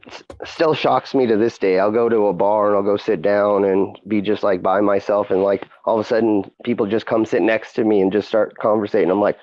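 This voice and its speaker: A man's voice: on the low side, fairly even intonation, fairly quick, darkish tone, dry recording, highs cut off. A man hosting a casual chat, rambling with many fillers and frequent laughs. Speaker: podcast host and streamer.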